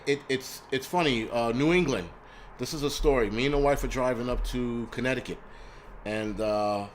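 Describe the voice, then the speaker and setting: A man's voice: mid-range voice, slight background noise. Blunt, profane man chatting casually. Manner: profane, blunt, laughs at himself. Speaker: host. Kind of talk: casual live-stream chat.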